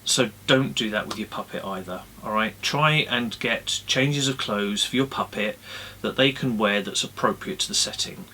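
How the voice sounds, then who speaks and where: Relaxed man teaching puppetry. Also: fairly low pitch, moderate pace, few pauses, a little hiss or hum. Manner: relaxed, friendly, lots of ums. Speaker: puppeteer giving tips. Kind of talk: casual instructional talk. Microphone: camera-mounted mic.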